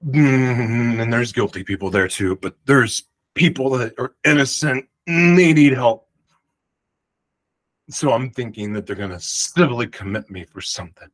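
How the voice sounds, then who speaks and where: A man host telling a personal story in a rambling, animated way, often cutting himself off. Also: medium pitch, unhurried, low-quality recording. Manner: rambling, animated, self-interrupting retelling.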